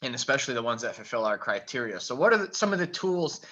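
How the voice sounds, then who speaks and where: A man presenting a live online trading webinar in a relaxed way, with many "uh" fillers, on a computer mic over a video call. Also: mid-range voice, fast talker. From Michigan. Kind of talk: casual live webinar talk. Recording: dull lo-fi call audio.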